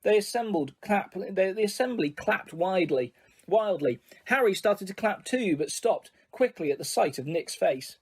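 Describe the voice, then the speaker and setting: A man reading an audiobook aloud in steady storytelling, with small slips. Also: sits high, normal speed, slightly rough. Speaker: audiobook narrator. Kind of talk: audiobook narration.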